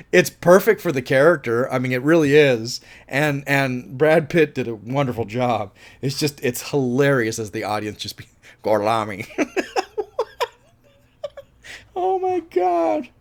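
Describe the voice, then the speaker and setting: A man's voice: medium pitch, normal speed. A man reviewing a film in a casual monologue. He is enthusiastic, laughs often and swears freely.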